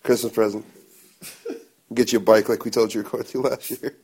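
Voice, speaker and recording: A man's voice: mid-range voice, fairly even intonation, moderate pace, darkish tone. A man hosting a podcast, laid-back and profane in casual chat. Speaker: podcast host.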